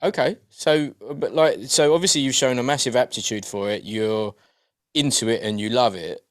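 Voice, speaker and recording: A man's voice: mid-range voice, moderate pace. A man hosting a casual podcast who asks loose questions full of banter. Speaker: podcast host.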